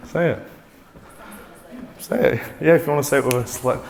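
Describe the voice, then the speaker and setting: A man presenting a motivational talk to a live audience, energetic and coaxing, often restarting mid-sentence. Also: mid-range voice, normal speed, pauses often, slight background noise. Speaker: corporate presenter.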